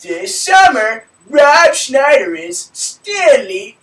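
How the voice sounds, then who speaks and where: Brief: quippy male co-host, lively pitch, roomy distant sound. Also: drawn-out words. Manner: jokey, interjecting with absurd quips. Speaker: podcast co-host. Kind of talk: casual banter. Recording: roomy room, mic at a distance.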